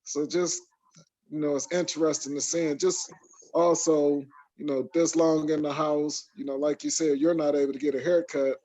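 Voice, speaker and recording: A man's voice: a little high, little pitch movement, normal speed, darkish tone. A man from Michigan hosting a casual podcast chat, talking in long rambling stretches full of fillers. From Michigan, USA. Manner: rambling, many fillers and restarts. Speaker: podcast host. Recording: dull lo-fi sound.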